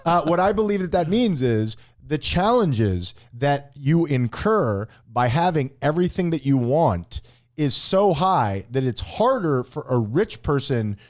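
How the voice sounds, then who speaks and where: A man co-hosting a casual comedy podcast, playful and prone to sudden loud mock outbursts. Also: on the high side, big pitch swings, measured pace. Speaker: podcast co-host.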